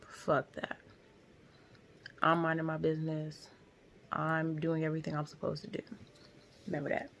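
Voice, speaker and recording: Young woman, gravelly low voice, blunt profane storytelling in a car. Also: slight background noise. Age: young adult. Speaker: vlogger. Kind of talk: casual storytelling.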